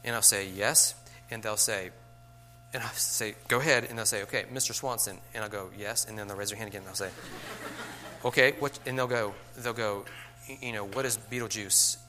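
A man's voice: lowish voice, steady tone, normal speed, sharp tone, a little hiss or hum. A middle-aged man, a teacher, talking to fellow teachers in a conversational way, with rhetorical asides and light chuckles.

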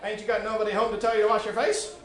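A man's voice: high voice, flat delivery, rapid-fire, pitched above the performer's own voice, natural voice. A man voicing a large, stern older woman who scolds a boy in a firm, folksy way while reading a story aloud in an echoey room. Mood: scolding. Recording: echoey room with faint noise.

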